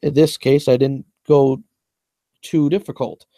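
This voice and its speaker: A man's voice: mid-range voice, flat delivery, unhurried, dark tone, no echo. Boastful man explaining his own raps. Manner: boastful, repetitive, explains at length. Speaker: rapper breaking down his own lyrics. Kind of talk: casual lyric breakdown monologue.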